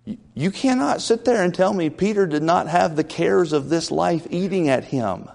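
A man's voice: fairly high pitch, lively intonation, normal speed, creaky. Folksy preacher man with long reverb. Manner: folksy, rising to loud emphatic peaks. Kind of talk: conversational sermon.

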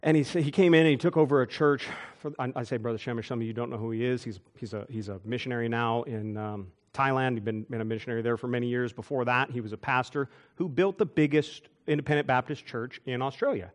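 A man preaching a sermon, telling church stories with quick asides and chuckles. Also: mid-range voice. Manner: animated storytelling with asides and chuckles. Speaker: pastor. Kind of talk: storytelling sermon.

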